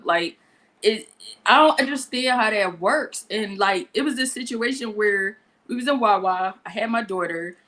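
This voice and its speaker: A woman telling a story on a podcast in a casual, animated, profane way. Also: medium pitch, moderate pace. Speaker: podcast guest.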